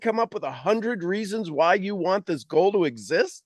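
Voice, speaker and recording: Man, motivational mentor, slightly high voice, animated and teasing, dry close sound. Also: normal speed, few pauses, dry recording. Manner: animated, acts out people's complaints in quoted voices; direct and teasing with the audience. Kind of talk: motivational coaching talk.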